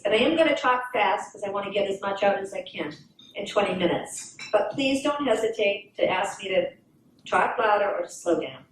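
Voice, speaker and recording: A woman's voice: a little high, slight background noise. A woman in her seventies giving an earnest personal talk at a fundraiser, telling stories and reading her own writing aloud. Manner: earnest, storytelling, pauses and restarts. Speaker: guest speaker. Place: banquet hall at a fundraising event. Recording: echoey hall, mic from far off.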